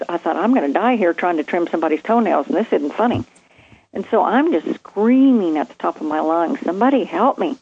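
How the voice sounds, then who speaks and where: Woman, nurse guest, vivid storyteller, middle pitch, dull lo-fi sound. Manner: animated, vivid storytelling with acted quotes. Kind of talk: storytelling in a conversation.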